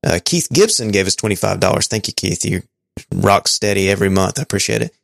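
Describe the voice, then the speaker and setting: A man's voice: on the low side, animated, quick pace, creaky, a bit bright, no echo, clean studio sound. A man co-hosting a podcast, reading out listener messages in a casual, stumbling way with small chuckles. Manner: stumbling, chuckling, thinking aloud. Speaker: podcast co-host.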